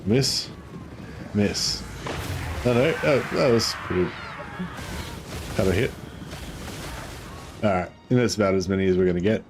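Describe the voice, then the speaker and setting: A man talks through a strategy game in a relaxed, rambling way, dotted with ums. His voice sits a little low, with a faint hiss behind it. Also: moderate pace, pauses often. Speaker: gameplay commentator. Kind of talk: casual let's-play commentary.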